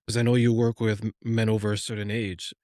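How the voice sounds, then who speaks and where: A man hosting a podcast, asking slow, drawn-out questions in a casual interview. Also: lowish voice, flat delivery, warm tone, no echo, studio quality. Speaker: podcast host.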